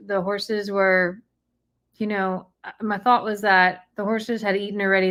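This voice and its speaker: Female co-host, mid-pitched, soft and hesitant in casual conversation. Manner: soft, hesitant, many fillers and restarts. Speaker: co-host recounting a personal experience. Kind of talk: casual chat.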